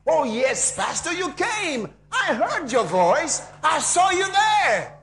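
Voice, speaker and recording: A man voicing a healed village woman who shouts her thanks in high, exultant cries. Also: big pitch swings, takes it slowly, creaky, heavily acted. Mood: jubilant.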